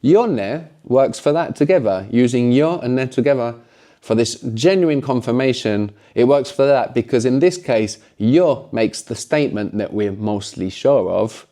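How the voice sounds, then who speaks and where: A man's voice: medium pitch, animated, unhurried, mellow. A man teaching a language lesson, explaining patiently and often closing points with a questioning "no?".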